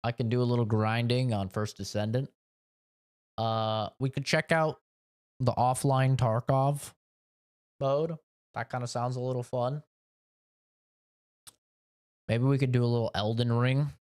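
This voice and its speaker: A male game streamer chats casually with his viewers, rambling and swearing as he decides what to play. He talks slowly, at a mid pitch. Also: fairly even intonation, a little mellow, smooth. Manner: rambling and profane. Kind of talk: casual live stream chat.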